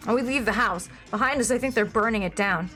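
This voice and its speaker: A woman reading a dark comic story aloud in a wry, deadpan manner. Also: on the high side, fast, soft background music. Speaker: story reader.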